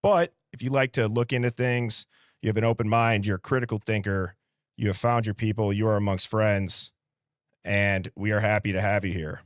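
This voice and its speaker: A livestream host with an American Midwestern accent casually greets viewers and reads comments, upbeat and chatty, with quick shout-outs and light laughs. His voice is lowish with fairly even intonation, captured in a dry, clean studio recording.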